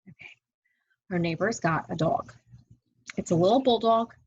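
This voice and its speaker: A woman's voice: medium pitch, a little mellow, slightly rough, no echo, lo-fi sound. A woman in her thirties, a college English instructor, chatting casually to her students from home with exasperated sighs. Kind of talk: casual video update to students.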